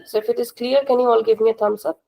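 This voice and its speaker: Patient teacher, woman, slightly high voice. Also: fairly even intonation, fast, vocal fry, dark tone, rough recording. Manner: patient, repeats rules and checks understanding. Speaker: language teacher. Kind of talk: live online class instruction.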